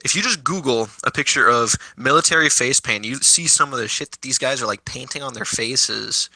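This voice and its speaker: Gravelly man, blunt casual talk. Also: mid-range voice, a little fast, bright, forceful tone, no room sound, poor audio. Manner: blunt, swears casually, hesitant fillers. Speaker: guest. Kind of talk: casual chat.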